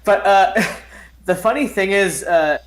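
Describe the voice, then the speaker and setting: Excitable man laughing in an echoey room. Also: sits high, slow. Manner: excitable, laughs often, interrupts. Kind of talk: casual chat.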